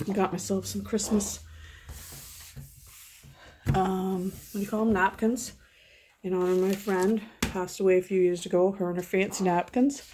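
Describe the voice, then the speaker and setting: A woman's voice: medium pitch, little pitch movement, unhurried, long pauses, dark tone, slight background noise. A middle-aged woman chatting casually at home in a rambling, sentimental vlog. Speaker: vlogger. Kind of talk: casual chat.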